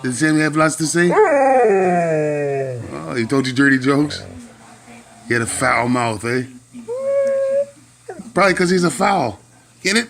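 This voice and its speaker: A man's voice: a little high, animated, measured pace, vocal fry, pauses often, fairly bright tone. A man chatting playfully with his dog, asking teasing questions. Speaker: dog owner. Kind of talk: playful one-sided chat with his dog.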